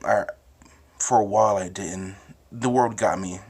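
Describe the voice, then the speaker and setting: A young man with a New Jersey accent talks in a loose, meandering monologue, cursing freely and circling back on himself. His voice sits somewhat low. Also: steady tone, a little slow, darkish tone, breathy edge. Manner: rambling, restarts, profane. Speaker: host. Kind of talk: casual monologue with frequent swearing.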